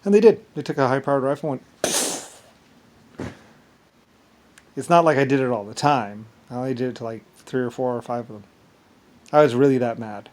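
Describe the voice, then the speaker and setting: A man's voice: medium pitch, a little mellow. A man talking alone in a rambling monologue, stumbling and repeating words as he goes. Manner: halting, repeats words, trails off. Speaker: vlogger.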